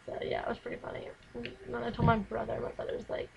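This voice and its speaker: A woman's voice: on the high side, flat delivery, fairly quick, creaky, long pauses, bright, forceful tone, rough recording. Chatty teenage girl with a twang. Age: teens. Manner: chatty, rambling, lots of "like". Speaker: vlogger. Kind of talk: casual chat to camera. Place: her bedroom. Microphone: camera mic.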